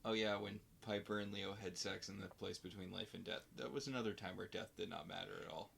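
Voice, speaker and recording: A man's voice: low voice, fairly even intonation, fairly quick, gravelly, a bit bright, slightly rough. A man co-hosting a podcast, recapping a TV episode in casual chat with dry, joking commentary. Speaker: podcast co-host.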